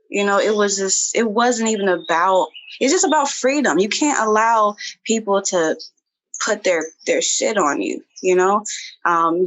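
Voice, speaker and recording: A woman of middle pitch speaks as a podcast guest, relaxed and chatty and full of fillers. Her voice is recorded dry and close. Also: dry recording, rough recording. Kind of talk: casual podcast conversation.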